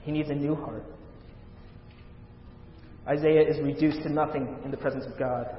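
Guy preaching a sermon, swells loud then goes hushed, kinda lo-fi and roomy. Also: fairly even intonation, moderate pace, slight background noise. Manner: dramatic swells of volume on scripture, hushed low endings. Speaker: pastor. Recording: echoey hall, dull lo-fi sound.

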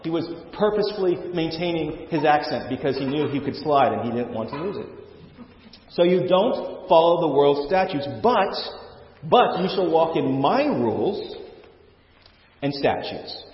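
A man's voice: fairly high pitch, lively intonation, normal speed, a little hiss or hum. A male pastor preaching a sermon in an earnest way, often restarting and repeating words. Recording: echoey hall, dull lo-fi sound.

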